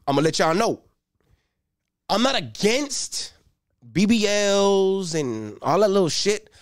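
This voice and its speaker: A young man doing a profane, streetwise stand-up routine and breaking into shouted bursts. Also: high-pitched, big pitch swings, slow pace, no echo, clean studio sound. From Los Angeles. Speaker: stand-up comedian.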